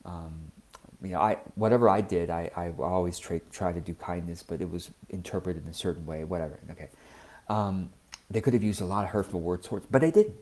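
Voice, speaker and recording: A man giving a gentle, thoughtful talk as a spiritual teacher, often checking in with the listener. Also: low voice, a little fast. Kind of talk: reflective personal talk.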